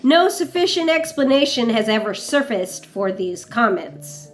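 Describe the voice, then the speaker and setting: Woman narrator, true-crime reading, slow pace, higher voice, faint music behind. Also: sing-song.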